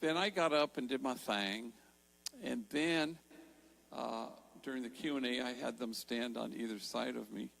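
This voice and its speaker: Gravelly older man telling a story. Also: mid-range voice, poor audio. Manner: warm storytelling, slows for emphasis. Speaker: Jesuit priest and speaker. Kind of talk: storytelling talk. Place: large church.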